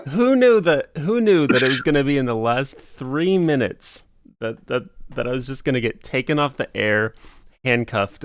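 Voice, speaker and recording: A man's voice: medium pitch, lively intonation, unhurried, no room sound, clean studio sound. Chatty young man hosting a stream. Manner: rambling, laughs often, playful. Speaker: podcast host. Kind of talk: casual livestream chat.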